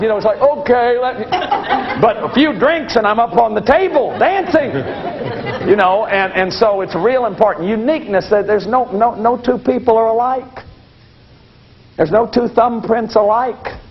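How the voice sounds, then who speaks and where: An older man giving a lecture to an audience, folksy and anecdotal with self-deprecating humor. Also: high voice. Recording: dull lo-fi broadcast recording.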